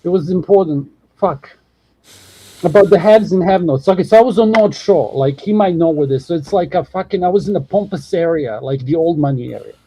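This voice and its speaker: A man's voice: fairly high pitch, lively intonation, mellow, slightly rough, rough recording. A man with a New Zealand accent, talking casually and rambling with lots of swearing and fillers as a podcast host. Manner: rambling, profane, fast talk with many fillers. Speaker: show host.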